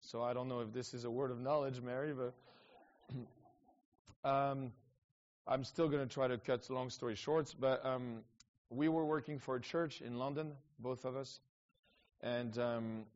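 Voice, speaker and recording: In this slightly muffled, dull-sounding recording, a middle-aged man with a mid-range male pitch spins casual stories, restarting often and tossing in quick asides. He's an evangelist guest, and French is his first language.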